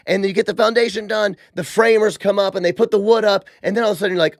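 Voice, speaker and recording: Podcast host, male: high pitch, gravelly texture, animated and sarcastic. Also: fast, no room sound, clean studio sound. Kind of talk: casual religious commentary.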